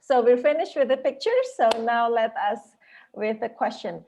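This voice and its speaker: A woman's voice: a little high, expressive, normal speed, a little hiss or hum. A woman moderating a lecture Q&A over a video call, with lots of laughter and fillers. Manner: warm praise, frequent laughter, many fillers. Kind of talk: hosting an online lecture Q&A.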